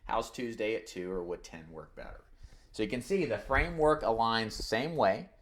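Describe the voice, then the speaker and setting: A man's voice: lowish voice, expressive, moderate pace, fairly bright tone, a little hiss or hum. A man teaching insurance agents in a live online training, coaching with energy and acting out phone scripts. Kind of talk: live webinar sales training.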